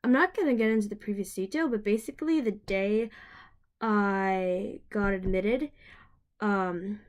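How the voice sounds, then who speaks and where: A woman's voice: medium pitch, unhurried. A young woman casually telling her own story to the camera, rambling with many fillers, restarts and laughs. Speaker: vlogger.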